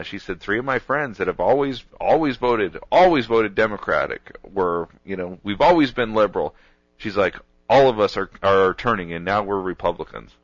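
A man hosting a casual talk show, telling an animated story and laughing along as he goes. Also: lowish voice, no room sound, dull audio.

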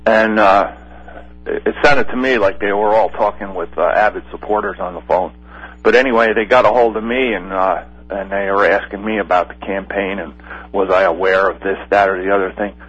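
A man calling in to a Christian talk radio show, telling a story in a rambling, halting way with many fillers. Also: low voice, fairly even intonation, a bit bright, slightly rough. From Pennsylvania. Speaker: caller. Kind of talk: call-in radio chat. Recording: dull lo-fi phone line.

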